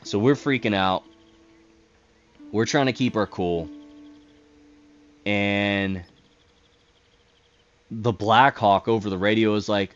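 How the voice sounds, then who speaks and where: Low-voiced man telling a rambling story. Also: takes it slowly, pauses often, muffled recording, faint music behind. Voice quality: rambling, repeats words, swears when excited. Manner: acts out radio calls in quoted voices, gets heated. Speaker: gaming channel host telling a story. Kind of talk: casual storytelling over gameplay.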